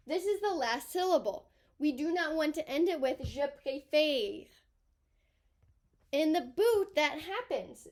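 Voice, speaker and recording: A woman teacher narrates a recorded grammar tutorial, her voice sitting high and light. She moves patiently through each point, pointing out sections of a table as she goes. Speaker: high school French teacher.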